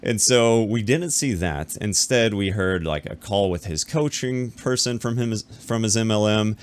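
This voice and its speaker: A man casually telling his audience a business story to camera, talking fast with frequent repeats and restarts, and acting out the other people in the story. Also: on the low side, clear, resonant tone.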